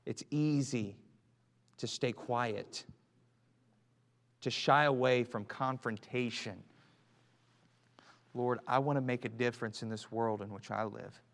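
A man in his thirties preaching a sermon in a church, building from quiet earnest talk to shouted fervor and back to soft prayer. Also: mid-range voice, steady tone, measured pace, pauses often. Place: church sanctuary. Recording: long church hall reverb.

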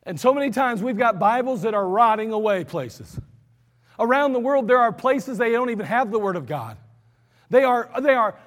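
A man preaching an emphatic sermon, slowing down and repeating lines for stress. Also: very high-pitched, big-room sound. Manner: emphatic, repetitive, slows for stress.

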